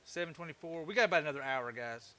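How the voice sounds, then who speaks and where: Man, middle-aged, bright, woodworking livestream, casual chatter, jokey. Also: fairly high pitch, fast. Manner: chatty, joking, thanks viewers often. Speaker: woodworking streamer. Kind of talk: casual live-stream chat while working.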